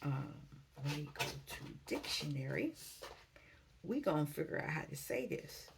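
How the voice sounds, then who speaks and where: Woman, low voice, casual tarot reader at home, chatty and unhurried, faint noise behind. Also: gravelly. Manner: relaxed, chatty, thinks aloud, reads card text slowly. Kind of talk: casual spoken tarot reading.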